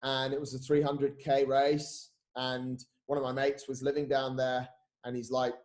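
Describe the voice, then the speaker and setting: A man, a podcast guest and coach telling stories in casual, animated chat, swearing and saying "mate" a lot. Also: medium pitch, moderate pace.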